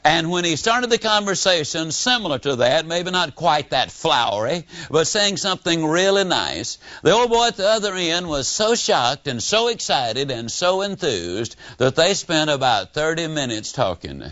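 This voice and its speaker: A fairly high-pitched older man from Mississippi speaks at normal speed with hardly any pauses, his Southern accent clear on a dry, dull lo-fi recording. As a motivational speaker, he tells lively folksy stories full of humor and acts out quotes.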